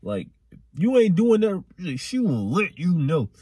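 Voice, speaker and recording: A young man recounting a chaotic ride in a rambling storytime vlog. His pitch swoops high and low as he gets worked up, with a husky grain. Close and dry, right on the mic. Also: measured pace, no room sound. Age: young adult. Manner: animated, rambling, repetitive slang. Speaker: vlogger.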